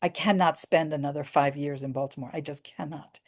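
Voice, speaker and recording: This middle-aged American woman has a low-pitched voice, a steady tone, and a brisk pace. Recounting a personal story, she comes across as earnest and emotional and often starts over mid-sentence.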